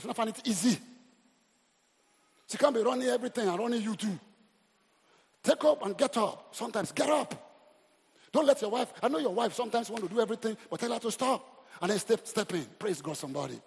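A man's voice: very high-pitched, creaky, husky. A middle-aged Nigerian man preaching a humorous, exhorting sermon as pastor. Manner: animated, humorous, exhorting the crowd. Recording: reverberant hall.

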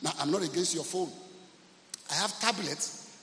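A man's voice: fairly high pitch, moderate pace, noisy background. A man preaching a sermon as pastor, emphatic and often asking the congregation if they are listening. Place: church service. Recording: echoey hall, faint ambience.

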